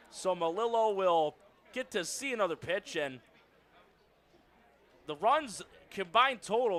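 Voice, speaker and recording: A man calling baseball play-by-play on radio, lively and rising on the big strikeouts. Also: high-pitched. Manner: lively calls that rise on strikeouts. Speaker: play-by-play announcer.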